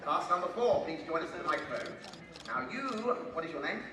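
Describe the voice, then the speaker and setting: A man's voice: on the high side, lively intonation, a little fast. A man hosting a live comedy stage show in a theatrical, mock-pompous, playful way. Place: large hall with a live audience. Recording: echoey hall from far off, crowd noise.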